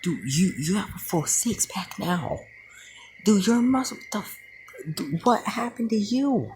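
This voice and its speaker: A man voicing crude teenage schoolboys who yell in disbelief. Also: high-pitched, sing-song, measured pace, slight background noise, voice pushed up, exaggerated voice, rough recording. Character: shocked teenage boys, loud and crude.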